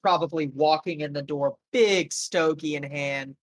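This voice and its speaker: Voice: medium pitch, measured pace. A game master narrating a tabletop game in a rambling, casual, profane way.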